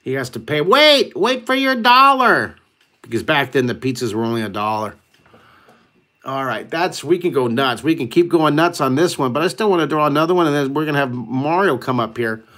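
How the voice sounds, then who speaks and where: A man's voice: medium pitch, brisk. Chatty man hosting a drawing lesson. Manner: chatty, rambling, excitable storyteller. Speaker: drawing teacher hosting a live webcast. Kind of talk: live online drawing lesson.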